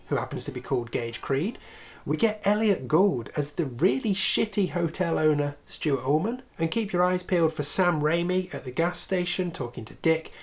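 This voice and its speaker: A man hosting a casual film review video, chatty and opinionated, with sarcastic swearing asides. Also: a little high.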